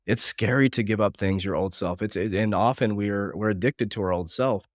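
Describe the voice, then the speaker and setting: A man in his forties talking quickly and with feeling in a podcast conversation, often speaking of faith and family. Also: on the low side, no echo, clean studio sound. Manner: fast, heartfelt, religious. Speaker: business coach, guest.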